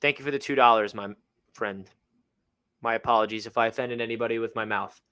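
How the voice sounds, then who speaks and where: A young man hosting a live fan reaction stream, reading out donations and venting about his team with swings between gloom and excitement. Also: medium pitch, quick pace, clean tone. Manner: emotional, reads out donor messages, swings between gloomy and fired-up. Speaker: livestream host.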